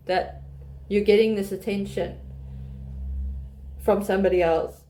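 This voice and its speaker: A tarot reader talks casually to camera on her channel, laughing and often restarting her sentences as she reads the cards. Her mid-range voice is warm, at a normal speed, with frequent pauses.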